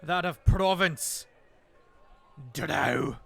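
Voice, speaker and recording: A man voicing a huge, aggressive male dwarf lord who speaks in a booming, overloud way. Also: wildly swooping pitch, slow, sharp tone, breathy edge, heavily acted.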